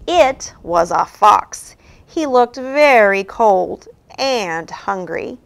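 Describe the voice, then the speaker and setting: A woman reading a children's picture book aloud in a slow, expressive, sing-song way. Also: medium pitch, creaky. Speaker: storybook reader.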